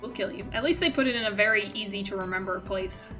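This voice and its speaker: A woman's voice: mid-range voice, quick pace, music in the background, low-quality recording. A woman streamer giving playful, self-mocking commentary while playing a game live.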